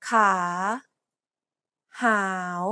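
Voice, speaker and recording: A woman pronouncing single words slowly and crisply as models for learners. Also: pushed and bright. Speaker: native speaker modeling words.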